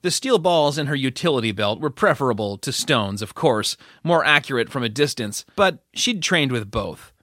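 With a mid-range voice and a steady, measured delivery, a man narrates a scripted story as an audiobook reader. There's no room sound, and the quality is that of a studio.

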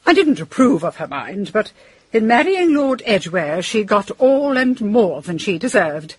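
A prim, earnest woman. She speaks hesitantly and with disapproval, in a husky voice with lively intonation. The sound is dry and close. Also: medium pitch, a little slow, dry recording. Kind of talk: radio drama acting.

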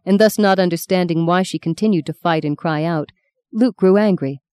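Lady reading a novel aloud, steady and measured, warm dark tone, dry close mic. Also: fairly low pitch, clear, resonant tone, no echo. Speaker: audiobook narrator. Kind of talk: scripted narration.

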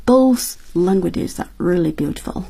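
A woman co-hosting a radio English lesson, summarizing passages and asking the guest questions in a lively way. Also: lowish voice, measured pace, gravelly, slightly rough.

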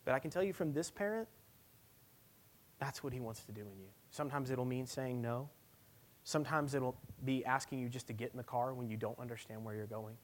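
Preaching at church, this male pastor alternates between booming, emphatic lines and quiet, nearly whispered passages, speaking at medium pitch and a little quickly.

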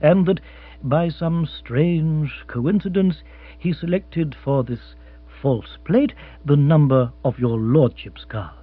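A composed, learned butler, formal and deferential, every word measured, as a male reader puts him on. Husky tone, with a thin, phone-like sound and mains hum. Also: on the high side, voice pushed up.

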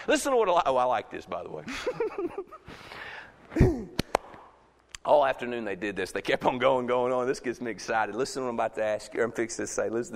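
A man, preaching a sermon as pastor. He swings from loud shouts to hushed asides. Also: medium pitch, creaky, big-room sound. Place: church sanctuary.

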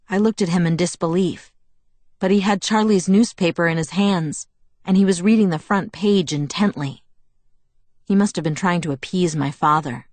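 Low-voiced woman narrating a novel. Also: moderate pace, darkish tone, no echo. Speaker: audiobook narrator. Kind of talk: scripted narration.

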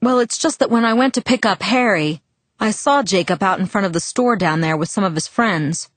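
A woman's voice: medium pitch, expressive, moderate pace, no echo, lightly acted. A woman reading the lines of a stern, worried father who is a police chief. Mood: hesitant. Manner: stern, demanding.

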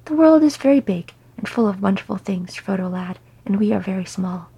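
A woman's voice: mid-range voice, expressive, brisk, creaky, warm tone, breathy edge, full character voice. A woman voicing an old male hobbit who is fussy, kindly and rambling.

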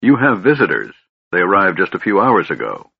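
A man's voice: low voice, huge pitch swings, a little fast, vocal fry, husky, dry recording, highs cut off, heavily acted. A man voicing an ancient, dutiful male castle retainer who speaks deferentially and reassuringly.

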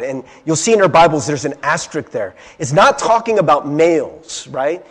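High, animated young preacher from Ohio. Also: male voice, normal speed. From Ohio, USA. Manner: earnest, confiding, keeps checking in with "right?". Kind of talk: conversational sermon.

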